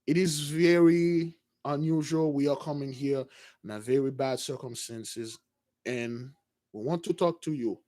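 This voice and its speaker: A man voicing an eloquent elderly male spokesman who speaks calmly and formally. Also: mid-range voice, pitched below the performer's own voice, lightly acted. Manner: soft, measured, formal.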